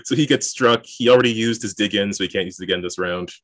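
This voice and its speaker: A man's voice: lowish voice, fast, fairly bright tone, dry recording. A man acting as game master for a tabletop game, explaining rules and laughing along with his players.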